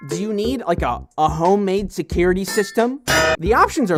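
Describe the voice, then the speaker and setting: A young woman talks through fan answers with wry, joking asides. Her voice moves in a lively, animated way. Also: lowish voice, brisk, music in the background. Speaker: vlogger. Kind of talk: casual commentary.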